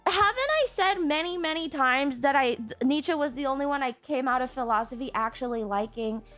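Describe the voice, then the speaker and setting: Soft music plays under this VTuber's live stream as she reads chat messages aloud and reacts by ranting, cursing and staging fake tantrums. She talks fairly quickly in a high, fairly bright voice.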